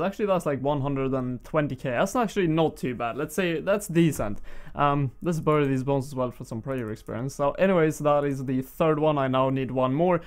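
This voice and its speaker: A man's voice: mid-range voice, darkish tone, smooth. A young man with a Swedish accent, giving casual, rambling commentary over gameplay on his channel, with frequent fillers. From Sweden. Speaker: gaming YouTuber.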